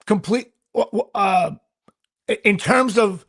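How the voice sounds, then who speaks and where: A man hosting a casual sports podcast, rambling excitedly and tripping over his words. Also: sits high, slow. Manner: rambling, excitable, stumbles and restarts. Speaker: podcast host.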